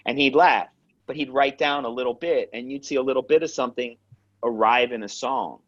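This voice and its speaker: A man, an actor and acting coach, telling lively stories in a casual interview, acting out the voices and swearing freely. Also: mid-range voice, a little fast, dry recording. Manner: animated storyteller, acts out quotes, swears freely. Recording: dull lo-fi sound.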